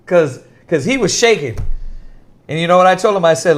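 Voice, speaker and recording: A man preaching in a casual, animated storytelling manner, often laughing and dropping to a soft voice when quoting people. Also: a little high, fairly quick. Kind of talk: casual religious teaching.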